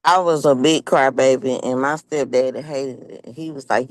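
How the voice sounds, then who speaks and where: A guest in casual chat, telling stories in a lively, colloquial way. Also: mid-range voice, normal speed, few pauses, no room sound.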